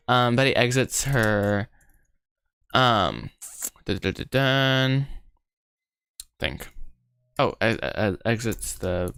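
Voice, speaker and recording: A man livestreaming as he rewrites his animated film script, thinking aloud in a rambling, self-deprecating way that easily goes off track. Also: mid-range voice. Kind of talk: casual live-stream thinking aloud.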